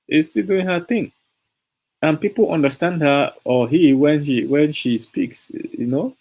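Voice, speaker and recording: A man's voice: mid-range voice, darkish tone. A Nigerian man with a Nigerian English accent giving a casual motivational talk to camera as a YouTuber, emphatic and persuasive, repeating points and chuckling often. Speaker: YouTuber selling online courses.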